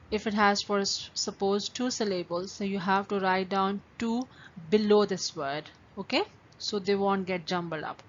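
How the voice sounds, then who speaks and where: A woman with a medium-pitched, fairly bright voice teaches a class of young pupils, patiently drawing words out syllable by syllable and giving instructions one step at a time. The recording is dull and lo-fi, with faint ambient noise.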